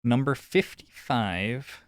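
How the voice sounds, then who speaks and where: A man's voice: mid-range voice, slow pace. A man streaming a detective game, thinking aloud in a playful, joking way as he comments on what he finds. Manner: playful, jokey musing aloud. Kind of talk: casual gameplay commentary.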